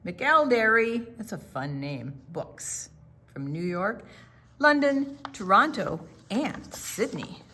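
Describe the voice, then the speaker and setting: A woman's voice: mid-range voice, slight background noise. An older woman reading a children's picture book aloud at a library story time. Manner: slow, animated read-aloud. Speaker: storytime reader.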